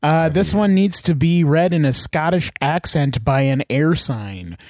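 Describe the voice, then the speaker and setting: A man's voice: a little high, animated, measured pace, a little mellow, no echo, clean studio sound. A man, a player on a tabletop gaming podcast, trading joking, profane banter. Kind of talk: casual podcast chat.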